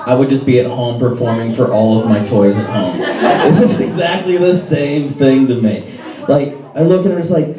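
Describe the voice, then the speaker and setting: A man doing a stand-up set in a toy store, quick self-mocking jokes, laughing at his own punchlines. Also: medium pitch. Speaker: stand-up comedian. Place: toy store with live crowd. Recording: roomy live sound from far off with crowd.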